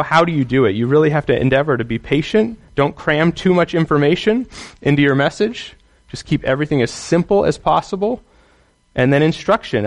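A man teaching others how to preach and teach the Bible, earnest and emphatic, often checking in with the listener. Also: medium pitch.

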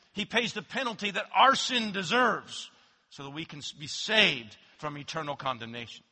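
High bright preacher in a reverberant hall. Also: male voice, breathy edge. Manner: swings from loud emphatic declarations to hushed low asides. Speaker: pastor. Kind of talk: sermon.

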